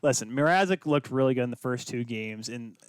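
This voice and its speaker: A man's voice: medium pitch, expressive, clean tone, no echo. A man co-hosting a casual sports podcast who rants with heat and fires off rhetorical questions. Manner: heated, emphatic, rapid-fire rhetorical questions. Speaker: podcast co-host.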